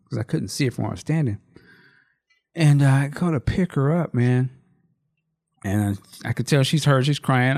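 A man in his thirties, a podcast co-host, telling a story in loose, rambling casual chat. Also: medium pitch.

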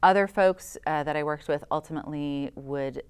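A woman's voice: low-pitched, normal speed, clean tone. A woman who works as a voice specialist, giving enthusiastic explanations as a guest in an interview.

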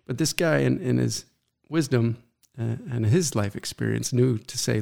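A middle-aged man telling his own story as an interview guest, earnest and halting, often pausing to reflect. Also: mid-range voice, gravelly, darkish tone.

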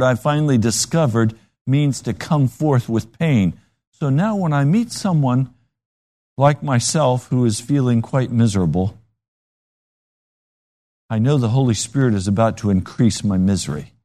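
Guy preaching a sermon, really lively pitch, leans hard on the drama. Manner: dramatic, emphatic storytelling.

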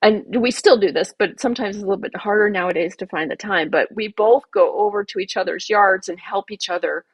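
A woman's voice: mid-range voice, brisk, few pauses, breathy edge, no room sound. A woman, a garden designer and podcast guest, telling an emotional personal story with many asides.

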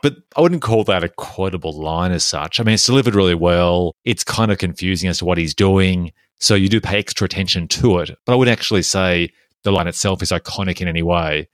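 A man's voice: deep voice, fairly quick, no echo, studio quality. A man co-hosting a podcast, talking about movies at length in an enthusiastic, analytical way. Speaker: podcast co-host. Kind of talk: casual film discussion.

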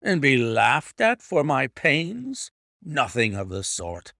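A man reading a story voices an obstinate, blustering older English gentleman who talks in a gruff, dismissive way. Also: medium pitch, huge pitch swings, slow pace, dry recording, studio quality, heavily acted.

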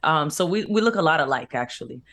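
A woman's voice: low voice, animated, quick pace, a bit bright. Woman, radio co-host, casual banter, blunt and sassy, studio mic.

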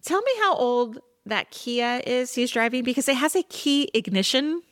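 A woman co-hosting a podcast, chatting casually about a movie and telling her story with animated, rambling asides. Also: a little high, normal speed. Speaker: podcast co-host. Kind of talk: casual chat reviewing a movie.

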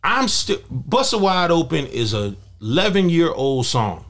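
A young man talks loosely in slang on a casual podcast, telling stories with lots of energy. His voice sits a little high for a man, and he slips into little impressions of the people in his stories. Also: unhurried. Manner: animated storyteller, slangy, acts out quotes. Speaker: guest artist and DJ.

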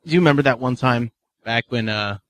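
A man co-hosting a podcast, telling a relaxed anecdote with halting restarts. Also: mid-range voice. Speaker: podcast co-host. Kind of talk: casual storytelling chat.

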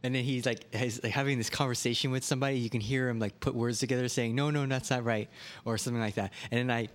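Man of middle pitch telling a story. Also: little pitch movement, very fast. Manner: storytelling with acted quotes. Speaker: podcast co-host. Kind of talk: casual chat.

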